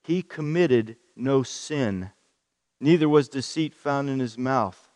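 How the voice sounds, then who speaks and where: A man preaching a sermon to a congregation, emphatic and rising in pitch to stress his points as he reads scripture aloud. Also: slow, a little mellow, studio quality. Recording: long reverb in a hall.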